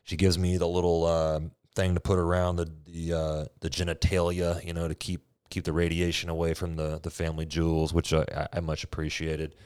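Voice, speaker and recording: A man in his twenties with a deep voice, casually telling a personal story and playing out each bit of dialogue with energy. The recording is dry, with no room sound. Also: a little fast, few pauses, smooth, no echo. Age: 20s. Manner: animated, acts out quoted dialogue.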